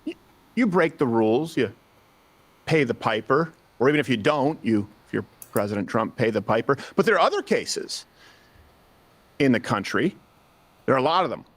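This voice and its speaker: A man's voice: mid-range voice, animated, moderate pace, long pauses, no room sound. A man hosting a political commentary show, speaking emphatically in scripted narration and putting rhetorical questions to his audience.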